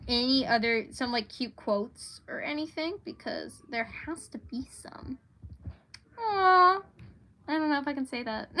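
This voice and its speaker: Young female author, livestream host; higher-pitched, bright tone, laughs a lot, chatty and self-deprecating. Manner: giggly, rambling, self-deprecating. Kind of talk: casual livestream chat.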